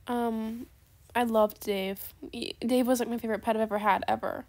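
A woman giving chatty, sarcastic commentary over a trading game, gushing with gasps and dropping into soft asides. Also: fairly high pitch, steady tone, moderate pace. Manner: chatty, calls viewers "besties". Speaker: gaming video creator. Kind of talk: casual gameplay commentary.

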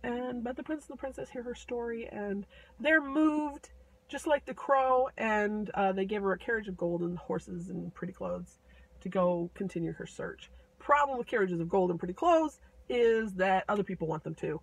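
A woman casually retelling a fairy tale with playful asides and quick voices for the characters. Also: medium pitch, breathy edge, no room sound, poor audio. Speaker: storyteller.

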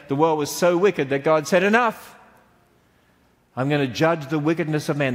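A middle-aged Australian man giving a playful church talk to children and quizzing them on the answers. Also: medium pitch. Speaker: speaker to children. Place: large church hall. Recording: long hall reverb.

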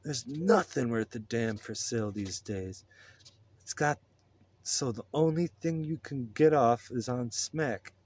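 A man voicing a crude, burned-out male drifter who is laid-back and profane, with a higher, loose drawl. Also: slow, a little mellow. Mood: scornful.

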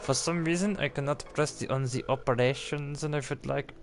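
A man voicing a bumbling, flustered male surgeon in a put-on German accent, loudly cursing and muddling through a game. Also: medium pitch, a little fast, soft background music, natural voice. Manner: loud, exasperated, swearing at objects. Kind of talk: gameplay commentary in character.

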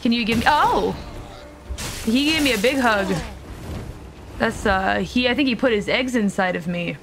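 A woman's voice: fairly high pitch, animated, moderate pace, a bit bright, soft background music. A young woman streaming a video game, chatting casually with her audience, joking around and swearing freely. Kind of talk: casual live-stream commentary.

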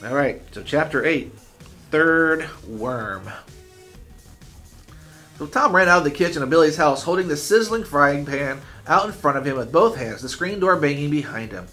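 A man's voice: a little high, animated, normal speed, pushed and bright, soft background music. Man reading a chapter book aloud.

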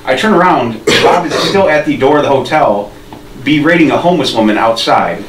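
A man's voice: fairly high pitch, expressive, brisk. Podcast co-host, male, loose rambling storyteller, roomy distant sound. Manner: rambling, laughing storyteller with restarts. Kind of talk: casual storytelling. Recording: roomy, distant mic with faint noise.

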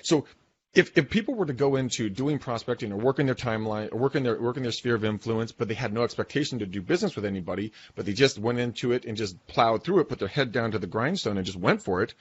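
A man co-hosting a podcast, talking in animated, emphatic casual business chat and swearing now and then. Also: medium pitch, fast talker, slightly rough, highs cut off. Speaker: podcast co-host.

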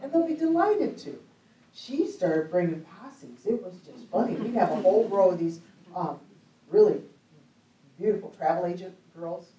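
A woman's voice: on the low side, moderate pace, mellow. A woman giving a storytelling sermon in a church hall, chatty and humorous, often laughing. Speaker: speaker at a church conference. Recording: echoey hall, mic at a distance.

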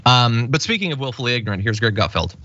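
A man's voice: medium pitch, animated, quick pace, sharp tone, lo-fi sound. A man hosting a political commentary show, sarcastic and emphatic. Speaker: news commentary host.

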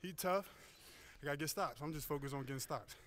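A man's voice: a little high, fast talker, a bit bright, a little hiss or hum. A man, a basketball player catching his breath, talking casually with loose slang between games. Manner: casual, laid-back slang.

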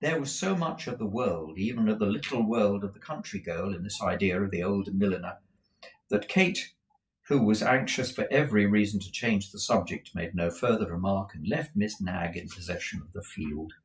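A man with a fairly low voice reads a classic novel aloud. He often trips over words and goes back to correct himself as he goes. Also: normal speed, low-quality recording. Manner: frequent restarts and self-corrections. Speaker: audiobook reader.

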